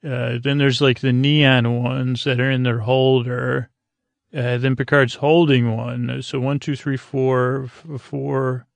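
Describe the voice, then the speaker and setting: A man hosting a podcast, casually recapping a TV episode in a halting way, full of fillers and restarts. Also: mid-range voice, flat delivery, gravelly, no room sound.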